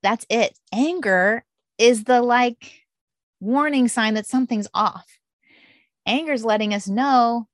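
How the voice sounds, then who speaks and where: A woman's voice: a little high, takes it slowly, no room sound, clean studio sound. A middle-aged woman speaking as a guest in a candid interview, telling stories and acting out her own past thoughts. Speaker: podcast host appearing as guest.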